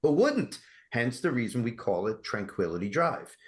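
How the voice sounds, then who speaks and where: A man talking as a guest on an interview podcast, energetic and persuasive, often asking rhetorical questions. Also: mid-range voice, normal speed. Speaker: guest, mental health campaign creator.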